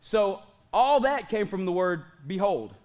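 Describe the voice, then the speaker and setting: A man in his late thirties preaching a sermon as pastor, energetic, stretching out key phrases for emphasis and joking with the congregation. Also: high-pitched. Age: late 30s. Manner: energetic preaching, slows for drawn-out emphatic lines, jokes with the congregation.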